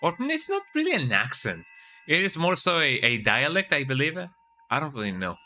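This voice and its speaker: A man from Mexico speaks while he streams a game, and his voice is very bright and cutting. He rambles and cracks crude jokes as he works out where to go next. A faint noise sits under the voice. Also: on the high side, wildly swooping pitch, normal speed. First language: Spanish. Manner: rambling, crude joking, thinking aloud. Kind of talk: live game commentary.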